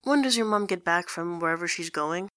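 Woman reading deadpan sleepy young guy, sarcastic, mumbly, bright voice, dry close sound. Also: fairly low pitch, fairly quick, dry recording.

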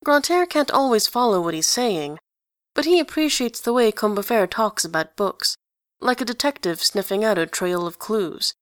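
A woman narrating a story in an even, conversational way. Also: medium pitch, moderate pace, no echo, studio quality. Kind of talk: story reading.

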